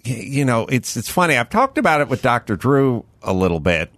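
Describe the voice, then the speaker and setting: A man in his fifties or older, hosting a casual studio talk show, telling stories in a rambling, animated way with many restarts. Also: mid-range voice, a little fast, no room sound. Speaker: podcast host. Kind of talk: casual chat.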